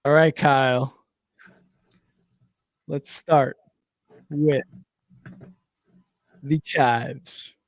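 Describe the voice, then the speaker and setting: A man's voice: medium pitch, steady tone, drawn-out words, pauses often, dry recording. A man hosting a casual sports podcast, upbeat and enthusiastic. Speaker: podcast host.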